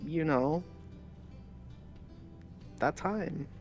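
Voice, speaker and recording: A teasing, giggly woman chatting on a stream. She talks slowly in a lowish voice with a lively pitch, and faint music plays behind her. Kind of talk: casual chat.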